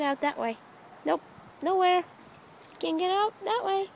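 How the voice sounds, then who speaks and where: A woman's voice: very high voice, measured pace, vocal fry, a little mellow, slight background noise. A woman filming her pets outdoors in a back yard on a phone, talking to them in coaxing baby talk with short, sing-song questions. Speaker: pet owner filming her dog and rabbit. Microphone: phone camera held while filming.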